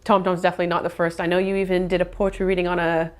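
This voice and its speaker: A woman's voice: fairly low pitch, level tone, very fast. Woman interviewer asking light questions.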